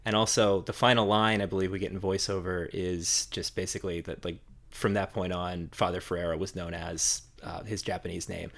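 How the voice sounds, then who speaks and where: A man co-hosting a film podcast, discussing movies in a casual, halting way with many fillers and repeated words. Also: low voice, level tone, gravelly, a bit bright. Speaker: podcast co-host.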